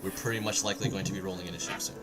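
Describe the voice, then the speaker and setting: A man's voice: low voice, fairly even intonation, rapid-fire, over loud music. A man narrating a tabletop game session as game master, explaining the scene steadily and often restarting his sentences.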